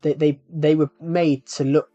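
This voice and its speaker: A man's voice: a little high, level tone, unhurried, dark tone, no room sound, highs cut off. A man streaming live, chatting in a rambling, casual way and talking straight to his viewers. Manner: rambling, addresses viewers directly. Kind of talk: casual live-stream chat while gaming.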